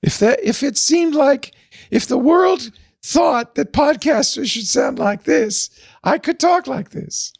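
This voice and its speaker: A man playfully mimicking a squeaky, high-pitched podcaster voice during a panel chat. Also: expressive, takes it slowly, vocal fry, no echo, studio quality, heavily acted. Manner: playful, mock-cheery. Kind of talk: joking impression on a panel show.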